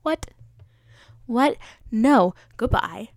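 Her voice is on the high side, creaky and darkish, and she speaks extremely slowly yet with animation. She's hosting a casual solo podcast, rambling along, making self-mocking jokes, and using many fillers.

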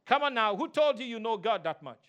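A man preaching a sermon as pastor, animated, mimicking people and singing snatches of a hymn. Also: very high-pitched, brisk, muffled recording. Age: adult.

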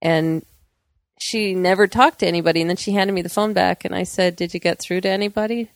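A woman co-hosting a casual podcast, her voice a bit low with a gravelly fry. She tells stories with a laugh and slips into quick impressions of the people in them. The sound is dry and close. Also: steady tone, dry recording. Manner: laughs often, acts out quoted voices. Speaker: podcast co-host. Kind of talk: casual storytelling chat.

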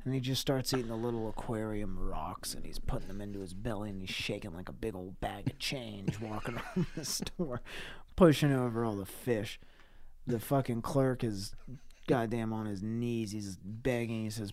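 A man's voice: fairly low pitch, normal speed, darkish tone. A man co-hosting a comedy podcast, swearing freely as he builds a crude improvised story. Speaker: podcast co-host.

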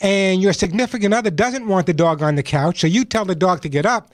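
A man's voice: high-pitched, fairly quick, no room sound. A man hosting a call-in radio show about pets, giving emphatic advice and repeating his points. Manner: emphatic, repeats points, puts on dog voices for jokes. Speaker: radio pet show host.

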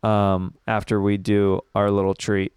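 Upbeat host in a dry room. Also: male voice, on the low side, monotone, a little slow, a little mellow, clean tone, no echo. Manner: upbeat, playful. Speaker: podcast host. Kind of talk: casual chat.

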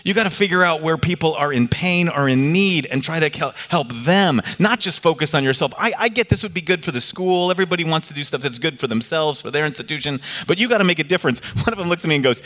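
Male preacher, storytelling sermon, animated delivery, long hall reverb. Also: fast talker, hardly any pauses. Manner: animated, rises in pitch for quoted voices.

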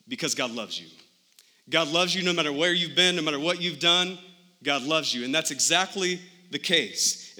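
A male pastor delivers a sermon in a very bright, ringing voice pitched a little high. He tells the story lively and acts out the people he quotes.

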